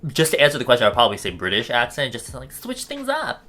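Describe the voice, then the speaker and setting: A man's voice: medium pitch, sing-song, fast, few pauses, fairly bright tone. A young American man answering viewer questions in a casual vlog. He swears a lot and rambles off on tangents. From United States.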